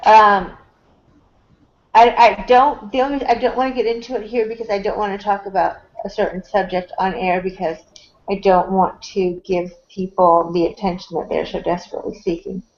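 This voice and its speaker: A woman's voice: medium pitch, fairly even intonation, moderate pace. A woman hosting a casual voice chat, blunt and teasing with the others. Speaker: host. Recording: dull lo-fi online voice chat.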